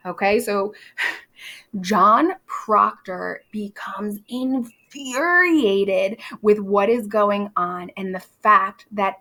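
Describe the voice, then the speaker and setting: A woman's voice: mid-range voice, pushed and bright. A young adult woman teaching, explaining a play in a casual way with lots of fillers. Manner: casual, many fillers, briefly acts out quoted lines.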